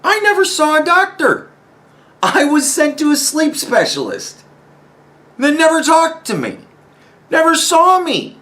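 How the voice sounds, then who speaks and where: A man's voice: very high voice, big pitch swings, unhurried, pauses often, bright, forceful tone. A man giving ranting personal commentary as host, exasperated and profane, firing off rhetorical questions.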